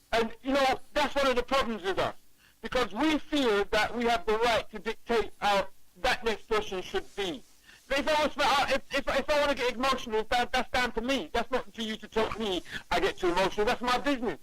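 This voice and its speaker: A man's voice: very high voice, expressive, brisk, vocal fry, a bit bright, rough recording. A man calling into a radio talk show, talking emphatically, repeating and stumbling over his words. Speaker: caller. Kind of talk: casual phone-in chat.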